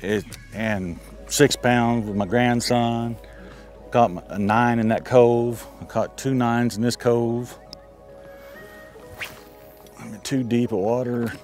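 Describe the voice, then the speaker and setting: A man's voice: medium pitch, steady tone, slow, pauses often, a little mellow, faint music behind. An older man, talking through fishing tips in a folksy, easygoing way from a boat on a lake. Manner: folksy, easygoing, explains step by step. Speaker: angler giving fishing tips. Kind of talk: casual outdoor instruction.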